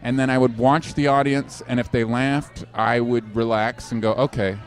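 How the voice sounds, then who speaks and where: A man's voice: mid-range voice, moderate pace. A man, a comedian, telling a story in casual chat, laughing often as he talks. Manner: animated storyteller, laughs often while talking. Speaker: comedian guest.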